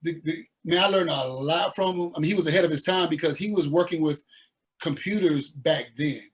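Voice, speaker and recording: A man from the American South, a musician guest telling his story in a laid-back, animated way with slang. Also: a little high, brisk. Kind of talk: casual interview storytelling.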